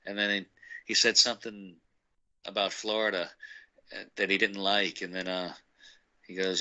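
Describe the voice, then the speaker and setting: A man's voice: on the low side, steady tone, moderate pace, pauses often, sharp tone, lo-fi sound. A man casually telling a rambling story, laughing often and acting out the people he quotes. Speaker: guest recounting a meeting.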